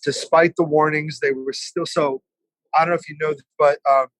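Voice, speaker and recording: Man, forties, podcast guest, animated, swears freely, slightly high voice, dry sound. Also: moderate pace, no room sound, poor audio. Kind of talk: casual chat. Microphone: remote call setup.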